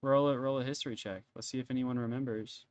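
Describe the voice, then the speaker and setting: A male game master narrating a tabletop game. He talks casually and halts often, in a mid-pitched voice with dry, close sound. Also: fairly even intonation, no room sound, highs cut off. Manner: casual, halting, many fillers.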